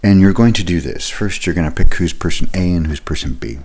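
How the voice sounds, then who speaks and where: Male trainer with a very deep voice, explaining things casually. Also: fairly quick, a little mellow. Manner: conversational, explanatory, with fillers. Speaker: leadership trainer. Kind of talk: recorded leadership lesson.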